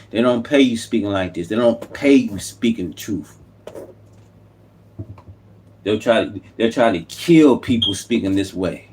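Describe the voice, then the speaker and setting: A man's voice: on the low side, a little mellow, a little hiss or hum. A man, delivering an unscripted, impassioned political monologue as a YouTube commentator, repeating himself and preaching.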